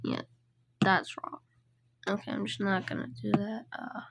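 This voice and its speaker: A woman's voice: mid-range voice, level tone, unhurried, gravelly, pauses often, very noisy. A woman animator giving casual commentary while working, muttering to herself and counting in a half-whisper.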